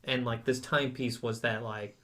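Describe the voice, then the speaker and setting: A man's voice: medium pitch, fairly even intonation, normal speed, bright, forceful tone. A man co-hosting a podcast, chatting in an easygoing, joking way with loose phrasing. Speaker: podcast co-host. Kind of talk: casual chat.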